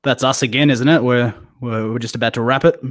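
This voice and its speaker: A man's voice: medium pitch, steady tone, a little fast, dry recording, clean studio sound. A man co-hosting a casual podcast, laid-back and often laughing, with stop-start phrasing. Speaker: podcast co-host.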